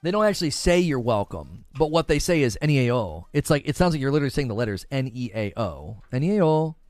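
Lively-pitched man chatting on a stream. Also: quick pace, dry recording, faint music behind. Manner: chatty, laughs often, reads chat aloud. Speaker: streamer host. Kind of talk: casual live-stream chat.

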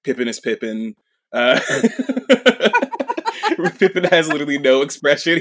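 A podcast co-host chats casually about manga, rambling along with plenty of fillers and frequent laughter. His voice is fairly high and a bit bright, swooping wildly in pitch, and he takes his time.

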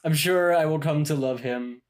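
A podcast co-host in casual chat, recapping a TV episode and quick to laugh. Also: medium pitch. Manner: quick to laugh, eager agreement.

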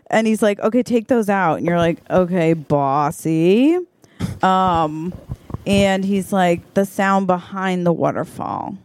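A woman's voice: mid-range voice, lively intonation, slow pace, pauses often, darkish tone. A woman co-hosting a comedy podcast, improvising a story in a chatty, giggly way with lots of fillers. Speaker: podcast co-host.

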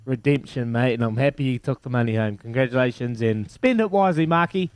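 A man's voice: medium pitch, brisk, clean tone, dry recording. A man with a New Zealand accent hosting a breakfast radio quiz, in jokey, matey banter. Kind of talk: casual breakfast radio chat.

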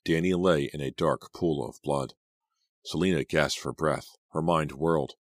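Very deep-voiced male audiobook narrator. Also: unhurried, dry recording. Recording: dry close studio sound.

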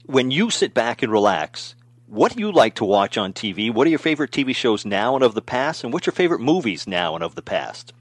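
A man's voice: medium pitch, very animated, a little fast, dry recording. Male host, casual conversational questioning, dry close recording. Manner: conversational, with easy laughs and short backchannels. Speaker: interview host. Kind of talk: interview.

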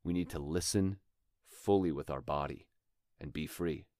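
Deep-voiced man teaching acting. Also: normal speed, darkish tone, dry recording, clean studio sound. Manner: earnest, explains with rhythmic examples. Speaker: acting teacher and podcast host. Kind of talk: instructional talk.

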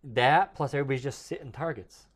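A man's voice: mid-range voice, fast. A man with a New York accent co-hosting a podcast in casual chat, blunt and profane with a joking edge. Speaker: podcast co-host.

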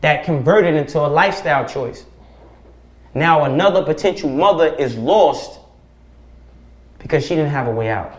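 A man speaking as a podcast guest, preaching forcefully with profanity and rhetorical questions. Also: a little high, lively intonation, moderate pace, long pauses. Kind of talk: impassioned podcast conversation. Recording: roomy echo.

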